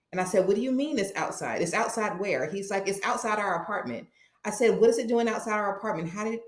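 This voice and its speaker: A woman guest on a podcast, telling a personal story and acting out the dialogue with feeling. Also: on the low side. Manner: animated, acts out dialogue in her stories. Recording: roomy echo.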